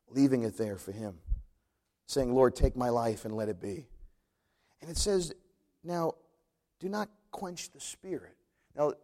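A man's voice: medium pitch, darkish tone. A man preaching a sermon as pastor, conversational, with joking asides and emphatic repetition.

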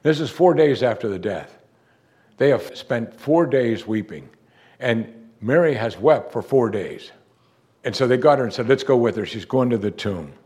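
A male pastor delivering a sermon in a voice of ordinary pitch. He talks to the congregation in an earnest, conversational way, pausing on rhetorical questions and sinking low and hushed whenever he wants a point to land. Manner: expressive, drops low and soft for emphasis, rhetorical questions.

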